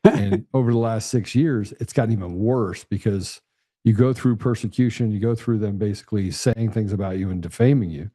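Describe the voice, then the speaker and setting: A man's voice: fairly low pitch, fairly quick, mellow, no room sound, clean studio sound. A middle-aged male host speaking earnestly in casual conversation, often stumbling and restarting his sentences. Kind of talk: casual interview chat.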